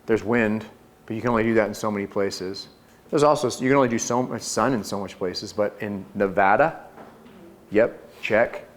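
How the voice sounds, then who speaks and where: A man with a slightly low voice gives a lively sales training talk to a group. He speaks with confidence and energy, and he breaks into acted door pitches. His delivery is punchy and often repeats phrases. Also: moderate pace.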